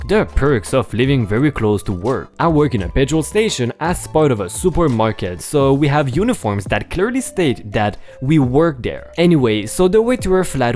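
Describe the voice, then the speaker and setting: A man's voice: mid-range voice, a little mellow. A man reading online stories aloud as narrator, with chatty asides to viewers. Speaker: story narrator. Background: faint background music.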